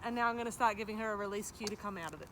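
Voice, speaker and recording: A woman's voice: mid-range voice, rapid-fire. Woman, dog trainer, casual teaching, praises dogs often, noisy outdoor recording. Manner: chatty, breaks off to praise dogs, beeping cues.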